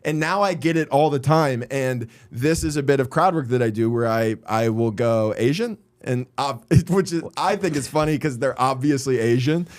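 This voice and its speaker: A man who is a comedian and podcast host, telling long, rambling stories in casual chat. His voice sits at a medium pitch. It is recorded close and dry. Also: normal speed, few pauses, dry recording. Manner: rambling anecdotal storytelling.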